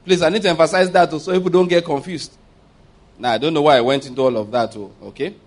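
Emphatic man preaching, fairly high voice. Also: fairly even intonation, fast. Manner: emphatic, asks the congregation for amens, laughs mid-point. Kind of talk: sermon.

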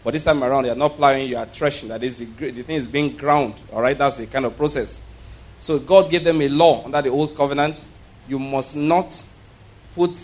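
A man preaching a sermon, explaining scripture and often checking that listeners follow. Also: on the high side. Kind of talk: sermon teaching.

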